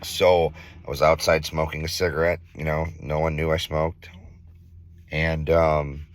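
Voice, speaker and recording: Man, 30s, from Minnesota, deep voice, earnest, casual vlog storytelling, lots of fillers. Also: level tone, unhurried. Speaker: vlogger.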